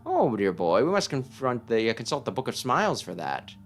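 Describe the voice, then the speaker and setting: Guy putting on a high sing-song mushroom mystic, weird and dramatic, quiet music under it. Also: big pitch swings, a little fast. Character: eccentric old mushroom mystic, cryptic and theatrical.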